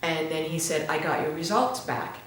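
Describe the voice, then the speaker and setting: A woman giving a halting, earnest personal testimony in a church interview, often restarting her words. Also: low-pitched. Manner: slow and earnest, turning tearful when moved. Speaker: interview guest. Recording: very echoey room with faint noise.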